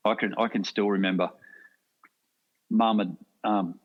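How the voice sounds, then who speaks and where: Low-voiced Australian man telling stories. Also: fairly even intonation, a little slow, dull audio. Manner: rambling anecdotal, laughs often. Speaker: podcast guest, hunter. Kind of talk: casual storytelling chat.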